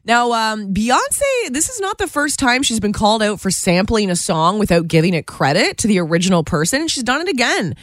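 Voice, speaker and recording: A woman's voice: on the high side, big pitch swings, normal speed, hardly any pauses, no echo, clean studio sound. A woman co-hosting a radio show, chatting playfully about entertainment news and laughing often. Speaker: radio co-host. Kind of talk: casual entertainment news chat.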